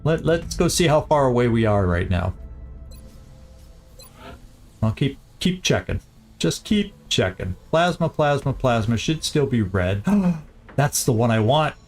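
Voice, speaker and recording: A man talks through his game plans as he streams, his voice sitting at an ordinary middle pitch. He mutters, restarts and repeats words as he thinks aloud. Faint game music plays underneath. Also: big pitch swings, unhurried, pauses often, a little mellow. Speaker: gaming streamer. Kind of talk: casual gameplay commentary.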